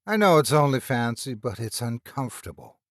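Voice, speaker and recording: A man voicing Barnes, a nervous but rational young man in a read-aloud ghost story, speaking in uneasy, measured tones. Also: mid-range voice, sing-song, a bit bright, no echo, clean studio sound.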